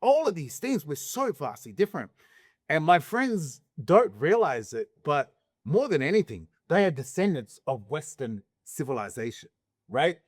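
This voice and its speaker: Emphatic man, lively pitch. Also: normal speed, no echo, studio quality. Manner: emphatic, rhetorical questions, frequent restarts. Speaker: vlogger. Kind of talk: casual opinion monologue to camera.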